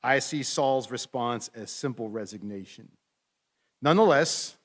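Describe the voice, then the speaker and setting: A middle-aged man preaching a sermon as pastor, in a conversational, animated storytelling manner with playful asides. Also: mid-range voice.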